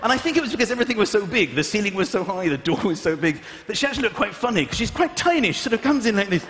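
A man doing stand-up comedy on stage, animated and acting out voices, shouting punchlines. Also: sits high, very fast, slight background noise. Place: large hall with audience. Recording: echoey live hall, audience laughter.

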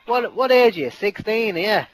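A man's voice: high-pitched, lively intonation, moderate pace, slight background noise. A man in online game voice chat, hurling insults and threats in a furious argument.

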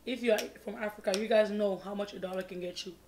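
A woman's voice: mid-range voice, steady tone, fast talker, a little mellow, slight background noise. A woman from Cameroon hosting a casual mukbang storytime vlog, chatty and repeating her pleas, mumbling between bites. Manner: chatty, repeats pleading words, mumbles while eating. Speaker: vlogger.

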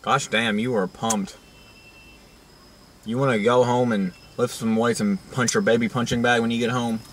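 A man hosts a loose, jokey vlog in a bright, clear voice. He rambles, restarts his sentences and piles on crude jokes. His pitch sits at an ordinary middle level. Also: steady tone, normal speed, a little hiss or hum. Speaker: vlog host. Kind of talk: casual crude joking chat.

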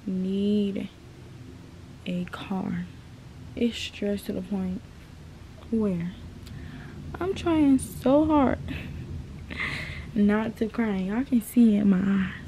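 A young woman talks straight to her viewers from her bedroom, calling them y'all in an easygoing vlog chat. Her voice is mellow and warm, and she speaks at a slow, unhurried pace. A faint hum of room noise sits behind her. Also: mid-range voice. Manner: chatty, addresses viewers as y'all. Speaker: vlogger. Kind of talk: casual vlog talk to viewers.

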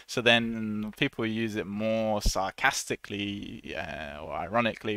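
A man teaching an English lesson in a chatty, relaxed way, laughing often and acting out short example voices. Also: fairly low pitch, unhurried, gravelly, hardly any pauses, no room sound. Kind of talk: casual online English lesson.

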